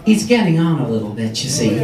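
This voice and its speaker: In a pub or club function room, a man performs as a sarcastic, catty drag queen hostess, giving the live crowd brash, mock-haughty crowd work. His voice is medium-pitched, sing-song, fairly quick, and close to everyday speech. It's recorded on a distant audience camera in an echoey room, amid loud laughter and chatter.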